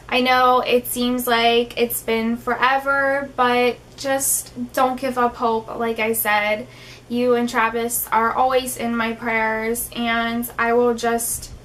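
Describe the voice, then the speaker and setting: A woman's voice: a little high, fairly bright tone, a little hiss or hum. A young woman vlogging in an emotional, heartfelt way, tearful at times, with many fillers like "um" and "like". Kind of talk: emotional personal vlog talk.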